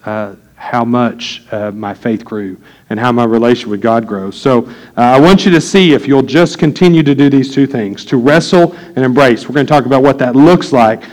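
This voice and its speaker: A man preaching a sermon as pastor, earnest and building to loud, excited preaching. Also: mid-range voice, moderate pace, low-quality recording.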